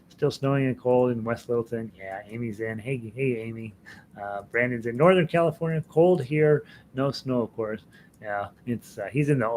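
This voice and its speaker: A middle-aged man chats his way through viewers' comments at the start of an online ukulele lesson, full of fillers and restarts. His voice sits at an ordinary mid pitch. It comes through a computer mic with a faint hiss. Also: darkish tone. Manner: rambling, chatty, frequent fillers and restarts, laughs often. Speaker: ukulele teacher hosting an online class. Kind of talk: casual live-stream chat reading viewer comments.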